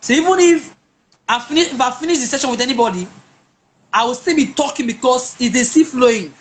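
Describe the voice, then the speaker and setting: A woman's voice: high-pitched, brisk, a little hiss or hum. A woman, a guest telling her personal story emphatically, often repeating words and restarting. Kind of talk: personal testimony in a conversation.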